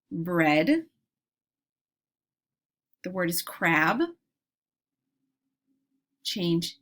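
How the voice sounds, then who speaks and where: A woman teacher leading a phonics lesson for young children, modeling each word slowly and deliberately. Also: lowish voice, lively intonation, fairly bright tone.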